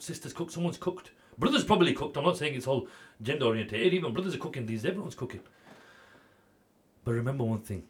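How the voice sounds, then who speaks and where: A man speaking on a TV charity appeal at a mid-range pitch. He tells his story with great passion, sometimes pressing loudly and sometimes dropping to a hush. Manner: swings between loud urging and hushed storytelling. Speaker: charity fundraiser. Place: TV studio.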